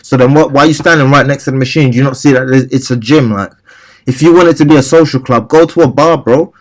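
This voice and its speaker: A man's voice: mid-range voice, quick pace. Heated, rambling young man. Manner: rambling and heated, acting out his own replies. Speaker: vlogger. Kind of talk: casual storytelling rant.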